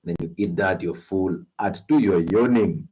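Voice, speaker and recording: A man with a Kenyan accent hosting a health talk stream, animated and coaxing, laughing often as he gives advice. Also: low-pitched, normal speed, slightly rough. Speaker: health show host.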